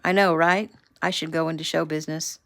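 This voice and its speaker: A woman's voice: deep voice, steady tone, gravelly, fairly bright tone. A woman reading as a sassy young ranch daughter. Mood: playful. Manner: brisk, sassy, teasing.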